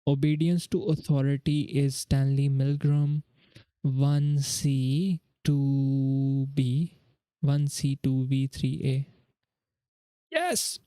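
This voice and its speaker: A man's voice: mid-range voice, level tone, takes it slowly, warm tone, smooth, no echo. A young man from India, streaming live and thinking aloud as he works through quiz questions in casual chat. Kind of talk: casual livestream chat while studying.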